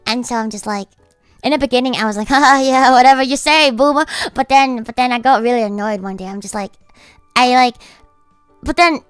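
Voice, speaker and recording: A woman's voice: fairly high pitch, a bit bright, no room sound. A woman streaming, chatting casually in a blunt, profane, ranting way. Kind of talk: casual livestream chat.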